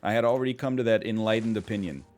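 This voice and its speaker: A man's voice: on the low side, fast, a little mellow, faint music behind. A man in his thirties chatting casually on a live stream while gaming, rambling and self-mocking with a wry tone.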